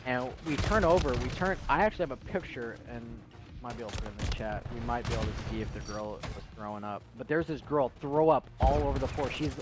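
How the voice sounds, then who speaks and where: A man's voice: mid-range voice, expressive, fast, background noise. A young man from Texas, a streamer, telling rambling, profane stories in casual chat and laughing often.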